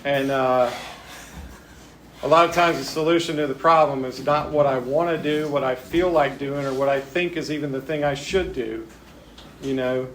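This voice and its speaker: A man's voice: mid-range voice, normal speed, a bit bright, a little hiss or hum. A man giving a reflective, plain-spoken recovery talk as a speaker at a men's spiritual retreat. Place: retreat gathering.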